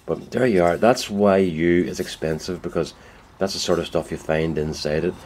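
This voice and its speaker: A man's voice: low voice, normal speed, a little mellow. A man, a woodturner chatting casually in his shed in a rambling, folksy way and correcting himself as he goes. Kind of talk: casual workshop vlog. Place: indoor woodworking shed.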